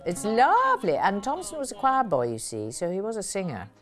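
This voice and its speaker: A woman's voice: mid-range voice, huge pitch swings, fairly quick, soft background music. A woman giving a documentary interview, reminiscing fondly. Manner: fond, reminiscing.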